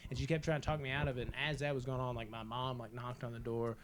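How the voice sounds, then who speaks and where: A man's voice: mid-range voice, little pitch movement, quick pace, noisy background. A man in his twenties, a podcast co-host telling a long story in a casual, rambling way, full of filler words and swearing.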